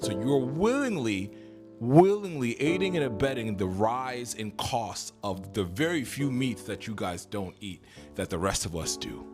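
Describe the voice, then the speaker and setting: A man giving an indignant, mock-outraged comic rant as a reaction commentator. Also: fairly low pitch.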